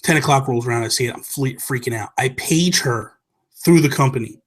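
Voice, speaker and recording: Man, podcast host, husky voice, excited and rambling, self-correcting storyteller. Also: mid-range voice, fairly quick. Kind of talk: casual chat, storytelling.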